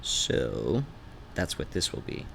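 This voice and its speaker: A man's voice: rumbling low, huge pitch swings, takes it slowly, creaky, a bit bright, a little hiss or hum. A man streaming while he sketches, thinking aloud, trailing off and restarting, with a faint Canadian-like North Idaho accent. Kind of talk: rambling drawing stream. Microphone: desk mic.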